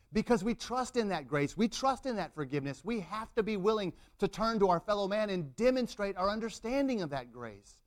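A middle-aged man preaching a sermon, acting out the people in the story with rising intensity. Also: high voice. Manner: dramatic, acts out quotes with rising intensity.

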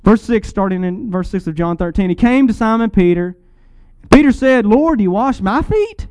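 Man preaching, high voice, smooth and resonant, dry close sound, dramatic rises and drops, teaching scripture. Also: lively intonation, moderate pace, darkish tone, no echo. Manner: dramatic, swells high on lists of titles and drops low for emphasis; explains scripture and Greek words in a teaching tone. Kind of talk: sermon.

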